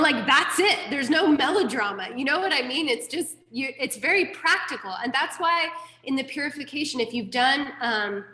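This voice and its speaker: A woman's voice: fairly high pitch, sharp tone, roomy sound. A woman teaching a Buddhist class, frank and candid, with casual asides and the odd swear word. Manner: frank, candid teaching with mild profanity and self-deprecating asides. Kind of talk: dharma class lecture.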